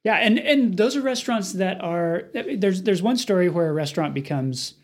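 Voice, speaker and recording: A man hosting a podcast, asking questions and closing the episode in a relaxed, conversational way. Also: high voice, a little fast. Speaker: podcast host. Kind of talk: interview host and outro.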